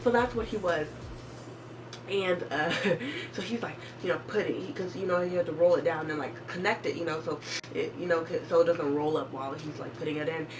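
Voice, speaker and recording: Young woman vlogger, low-ish voice, joking storytime, squeaky impressions, mic set back from her. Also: fairly quick, background noise. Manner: animated, jokey, with squeaky high voices for quoted people. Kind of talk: casual storytime chat. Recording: far from the mic with clear background music.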